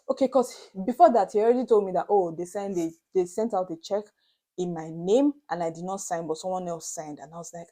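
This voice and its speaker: A young Nigerian woman vlogger retelling a story to her viewers in an animated, dramatic way, slipping into Pidgin asides. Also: lowish voice, quick pace. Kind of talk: storytelling to camera.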